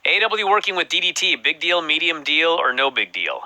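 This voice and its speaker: A man hosting a casual podcast, talking with a very bright, forward tone and lively pitch. He tells stories animatedly, swearing freely. The sound is dry and close. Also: moderate pace, no room sound, poor audio. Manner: animated, profane storytelling. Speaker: podcast host. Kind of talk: casual chat.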